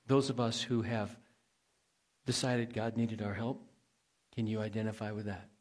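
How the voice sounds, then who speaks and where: A man's voice: on the low side, little pitch movement, normal speed. A male pastor preaching a sermon in a conversational way, asking the congregation questions and adding folksy asides.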